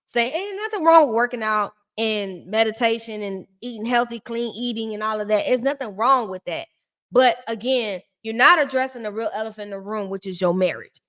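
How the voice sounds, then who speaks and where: Woman, slightly high voice, sassy, blunt, slangy, casual recap commentary.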